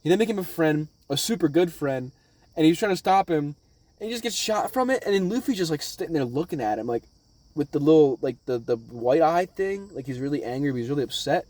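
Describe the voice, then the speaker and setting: A man at home giving a casual, rambling recap of a show in an excitable, profane way. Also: on the high side, a little fast, dry recording. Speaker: anime reaction vlogger.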